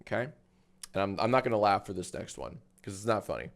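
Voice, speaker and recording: A man in his thirties chatting casually on a live stream, swearing freely and breaking into high laughter. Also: lively intonation, fast talker.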